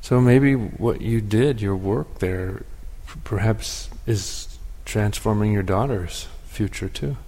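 A man's voice: on the low side, slow pace, hardly any pauses, mellow, big-room sound. A man leading a class, thanking students and reflecting thoughtfully on their work. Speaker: class teacher.

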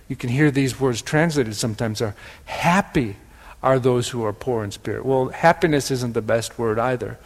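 A man with a Wisconsin accent giving a gentle, pondering spiritual teaching, often repeating words for emphasis. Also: medium pitch, long reverb tail.

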